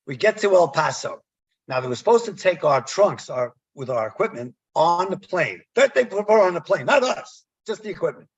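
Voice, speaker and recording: Guest spot: husky male storyteller, animated, dull lo-fi line. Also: high-pitched, moderate pace. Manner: animated storyteller, acts out quoted dialogue. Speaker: guest, former umpire. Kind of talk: storytelling in a podcast interview.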